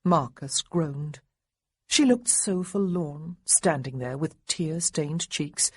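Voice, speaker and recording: A woman narrating an audiobook in an expressive manner, giving lively voices to the dialogue. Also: low-pitched, slow pace, breathy edge, dry recording.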